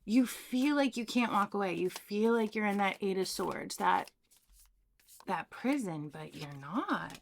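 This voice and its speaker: A woman's voice: mid-range voice, measured pace, creaky, slight background noise. A woman doing a pick-a-card tarot reading, talking casually and telling a story from her own life. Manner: chatty, animated, tells personal stories. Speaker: tarot reader.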